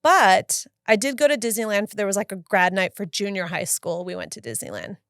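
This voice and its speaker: A woman's voice: mid-range voice, lively intonation, fairly quick, fairly bright tone, no room sound, studio quality. A woman in her forties co-hosting a live podcast in casual chat, bubbly and teasing, laughing often. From Southern California. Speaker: podcast co-host.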